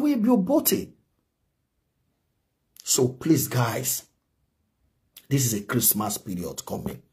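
Mellow-voiced Nigerian man preaching advice. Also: medium pitch. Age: adult, married. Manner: preachy, pleading, repeats himself. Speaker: gossip commentator. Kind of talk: pidgin commentary vlog.

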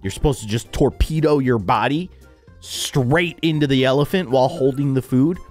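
A man's voice: medium pitch, normal speed, soft background music. A young man giving playful, goofy commentary on a video game he is playing, laughing often. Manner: goofy, laughing, animated reactions. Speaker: gaming YouTuber.

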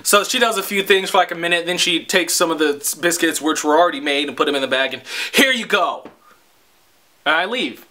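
Young male vlogger, high-pitched and sharp, rambling profane rant. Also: fast, few pauses, slight background noise. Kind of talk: casual storytelling rant.

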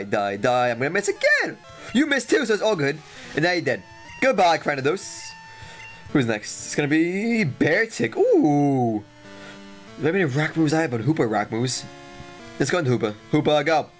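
A young man giving excitable, trash-talking game commentary as a let's play host, repeating his lines. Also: on the high side.

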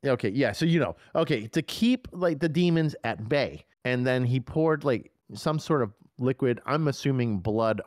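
A man co-hosting a horror movie podcast who retells scenes in an excitable, profane, animated way. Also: medium pitch, no echo, clean studio sound. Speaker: podcast co-host. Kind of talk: casual movie review chat.

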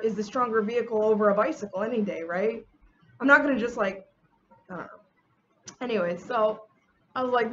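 A woman's voice: fairly high pitch, highs cut off, a little hiss or hum. A woman telling a personal story to her viewers in a chatty, emphatic way, often turning to them with questions. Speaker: vlogger. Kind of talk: storytelling get-ready-with-me vlog. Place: home.

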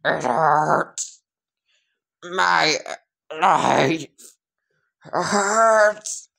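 A woman's voice: deep voice, extremely slow, creaky, fairly bright tone, voice pushed up, full character voice. A woman voicing a slimy male sludge monster screaming in agony, in a comedic fan story. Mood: whimpering.

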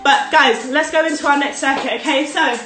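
A woman's voice: sits high, fairly even intonation, brisk, fairly bright tone, faint music behind. Upbeat woman coaching a workout, echoey room. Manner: upbeat and encouraging, calls out counts and cues. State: working out while talking, short of breath. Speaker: fitness instructor. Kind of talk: live workout coaching, counting reps. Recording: very echoey room, mic far off.

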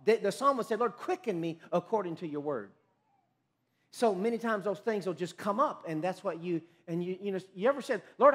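A man preaching a sermon as pastor, swinging from loud emphatic phrases to low quiet ones, often restarting mid-phrase.

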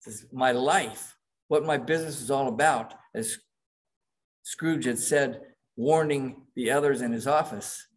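A man's voice: mid-range voice, a little slow. A middle-aged man preaching a sermon as pastor, reading quoted passages aloud with dramatic emphasis.

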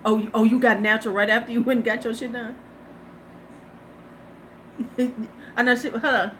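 A woman's voice: a little high, level tone, normal speed, fairly bright tone, a little hiss or hum. A woman in her fifties, a beauty vlogger hosting a live stream, chatting casually, laughing and greeting her viewers. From United States.

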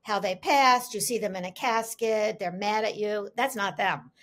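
A woman speaking as an interview guest, telling stories in an animated, emphatic way, repeating her key phrases and acting out the dialogue she quotes. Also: mid-range voice, moderate pace. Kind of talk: conversational storytelling.

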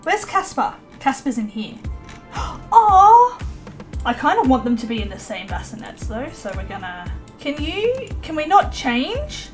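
With faint music in the background, a young let's play host chats excitedly over her life-sim gameplay, her voice a little high. She keeps tossing in brief asides where she voices her characters.

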